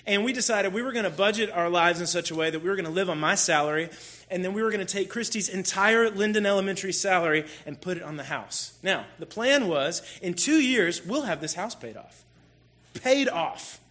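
Guy preaching, telling his own story, high bright voice, lively and poking fun at himself. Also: a little fast. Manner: animated, self-deprecating storyteller. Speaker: church speaker. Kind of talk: personal story in a sermon.

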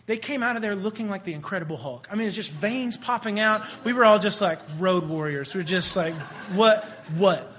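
A man tells stories in a sermon, his voice high and bright. He drops to near-whispers, then surges back loud and animated. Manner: animated, swings between hushed and loud. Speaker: youth minister. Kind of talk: sermon storytelling.

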